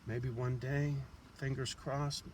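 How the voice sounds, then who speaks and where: A man with a mid-range voice and little pitch movement talks slowly, chewing a toothpick as he rambles to camera outside the house he's showing. The monologue is blunt, profane and heavy on street slang, with a little hiss or hum in the audio.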